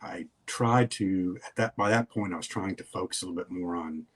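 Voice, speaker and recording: A man's voice: low-pitched, brisk, fairly bright tone. An older man, a guest in a casual interview, telling stories in a folksy, rambling way.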